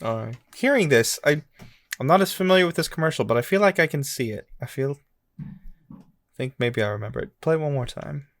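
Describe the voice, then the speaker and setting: A man co-hosting a casual podcast, easygoing and quick to laugh, thinking out loud as he guesses answers. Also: on the high side, lively intonation, slight background noise. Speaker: podcast co-host, contestant in the game. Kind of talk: casual game-show podcast chat.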